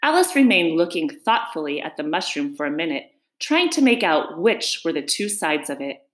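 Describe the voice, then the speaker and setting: A woman reading a children's book aloud, expressive and animated, in an echoey room. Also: deep voice, moderate pace. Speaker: storyteller.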